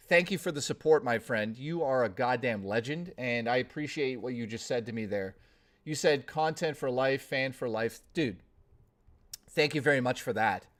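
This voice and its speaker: A man's voice: mid-range voice, fairly bright tone. A man chatting casually on a live stream, thanking viewers and rambling into profane rants. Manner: rambling, profane, quick to rant. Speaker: livestreamer.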